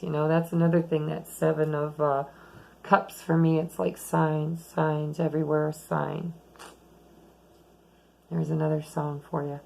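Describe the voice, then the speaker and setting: A woman giving a chatty, rambling tarot reading at home late at night, losing her voice and talking softly at times. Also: low-pitched, vocal fry, low-quality recording. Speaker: tarot reader.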